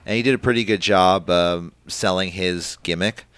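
A man with a very low voice leads a casual podcast chat, rambling from one point to the next with plenty of ums and uhs. The sound is dry and close, with no room around it. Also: moderate pace, a bit bright, clean tone, no room sound. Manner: rambling, filler-heavy, leads the rundown. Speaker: podcast co-host. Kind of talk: casual wrestling recap chat.

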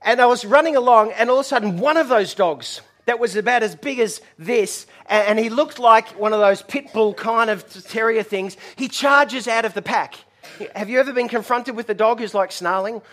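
Animated preacher, high voice. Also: male voice, normal speed. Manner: animated storytelling, acts out voices and shouts. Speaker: pastor. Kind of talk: sermon.

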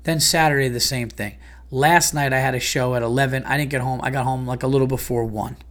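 A man's voice: medium pitch, steady tone, fairly quick, fairly bright tone. A comedian and podcast host ranting in a heated, profane, exasperated monologue about his day.

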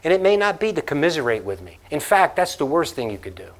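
A man's voice: fairly high pitch, very animated, quick pace. A man from the Northeastern United States preaching a sermon to a church congregation, telling stories casually, repeating lines for emphasis and moving into a closing prayer. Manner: conversational storytelling preacher who laughs and repeats lines for emphasis. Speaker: pastor. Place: church sanctuary.

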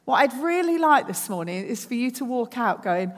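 A woman's voice: a little high, expressive, normal speed, hardly any pauses. Earnest woman preaching in a reverberant hall. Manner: earnest, builds points through repeated phrases. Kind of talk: sermon. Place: church service.

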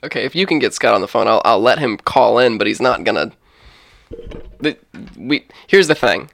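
A man's voice: medium pitch, animated, moderate pace, vocal fry, a bit bright. A young man narrating and running an improvised tabletop game, rambling and joking with many restarts. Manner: rambling, jokey, frequent restarts.

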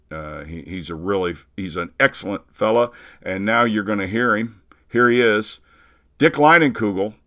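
A man's voice: deep voice, a bit bright. A man hosting a podcast, chatty and easygoing, often restarting his sentences. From Missouri. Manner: chatty, with frequent restarts and fillers. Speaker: podcast host. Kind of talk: casual interview.

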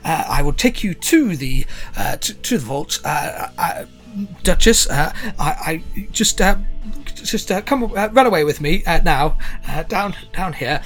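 A woman's voice: deep voice, animated, measured pace, soft background music. A woman voicing a flustered female bank clerk who stammers and hurries to please.

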